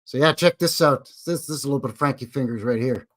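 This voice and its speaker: A man's voice: medium pitch, quick pace, noisy background. A man with a Canadian accent hosting a casual live stream, chatty and jokey with plenty of self-deprecating asides.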